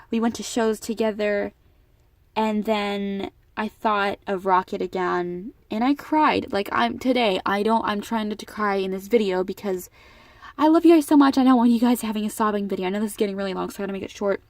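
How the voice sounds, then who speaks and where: A teenage girl vlogs casually to her camera, sharing a personal story in a woman's mid-range voice at an ordinary pace with no echo. Her telling is emotional and rambling, full of restarts.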